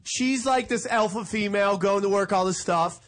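Brief: high-pitched male comic co-host, crude and teasing, casual chat. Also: normal speed, a bit bright.

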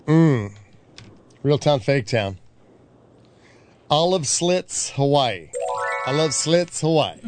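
Lively male radio game host. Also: fairly high pitch, faint music behind. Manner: lively, laughing, quick game-show patter.

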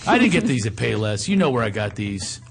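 Middle-aged male radio host, animated, teasing, casual banter. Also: fairly low pitch, brisk, creaky, soft background music.

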